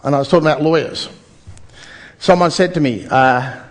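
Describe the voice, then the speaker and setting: Australian male seminar speaker, energetic storyteller. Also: on the high side, normal speed. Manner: energetic, storytelling, questions to audience. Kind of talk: motivational seminar talk.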